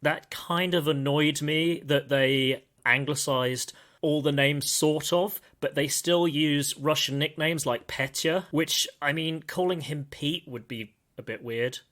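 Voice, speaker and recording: A man's voice: fairly high pitch, unhurried, hardly any pauses, a bit bright. A man hosting a podcast, discussing a film in casual, digressive chat and calling himself a pedant. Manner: thoughtful, digressive, self-described pedant. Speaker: podcast host.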